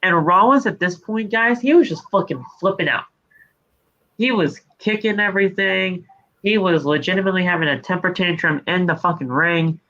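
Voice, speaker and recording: A high, bright-toned man talks through a wrestling show on a podcast, swearing freely and recapping the action move by move. The audio is dull and lo-fi. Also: normal speed. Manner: profane, animated play-by-play recapping. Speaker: podcast co-host. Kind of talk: casual wrestling recap chat.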